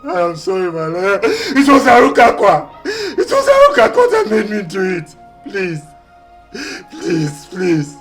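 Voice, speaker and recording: A man's voice: high-pitched, steady tone, slow pace, soft background music. A man with a Nigerian English accent acting in a film drama, begging his partner for forgiveness over and over. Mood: pleading. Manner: begging, repetitive and desperate. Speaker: pleading husband.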